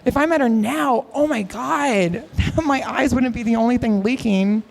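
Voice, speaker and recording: A woman's voice: on the high side, unhurried, creaky, a little mellow, slight background noise. A young woman answering fan questions at a convention panel, gushing and laughing often. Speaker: cosplay guest at a convention panel. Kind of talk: excited casual Q&A.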